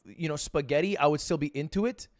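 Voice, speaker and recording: A man talking casually into a close desk mic, slightly higher-pitched than most men. His voice is dry with no room sound. He rambles loosely with plenty of fillers and jokes at the music he plays. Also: fast talker, no echo. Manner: relaxed, talky, full of "like" and "you know", teasing. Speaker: streamer reacting to music. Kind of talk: casual commentary.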